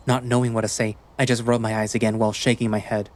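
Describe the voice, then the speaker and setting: A man's voice: fairly low pitch, level tone, quick pace, few pauses. Man narrating a story in first person.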